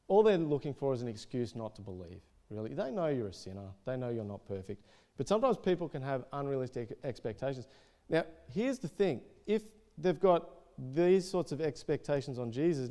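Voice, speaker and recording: A man's voice: mid-range voice, dark tone. A man preaching a casual, conversational sermon, reading scripture aloud and often checking in with "right?". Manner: conversational, tag questions like "right?". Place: church. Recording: church hall reverb.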